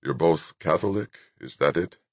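Man doing a gruff, curt graying doctor. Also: a bass voice, lively intonation, normal speed, dry recording, exaggerated voice. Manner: curt, snapping. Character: gruff no-nonsense middle-aged male doctor.

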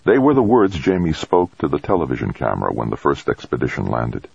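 A man reads a story aloud in a measured, solemn way. His voice is very deep, husky and gravelly, and it moves freely up and down. The recording is dry and sounds a little dull and lo-fi. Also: animated, darkish tone, dry recording. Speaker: audiobook narrator. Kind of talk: scripted narration.

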